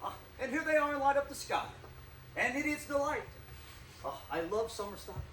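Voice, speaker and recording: A man's voice: very high voice, expressive, moderate pace, a bit bright. Roger, a man playing a vain, jittery stage actor. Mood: anxious, grandiose. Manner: grand theatrical declaiming, swinging to nervous gloom. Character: vain, anxious, self-doubting male stage actor. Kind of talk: live stage play acting. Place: theater stage. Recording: echoey stage, distant mic, faint hiss.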